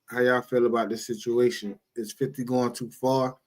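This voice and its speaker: A man hosting a stream, opening with a hyped greeting and quick calls to like and subscribe. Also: medium pitch, level tone, a little mellow, poor audio. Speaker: streamer host. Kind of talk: casual reaction-stream intro.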